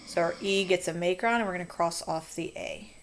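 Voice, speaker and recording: A woman's voice: on the low side, fairly even intonation, fairly quick, slight background noise. Patient woman teaching phonics. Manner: patient, encouraging, talks to students. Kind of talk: phonics coding lesson.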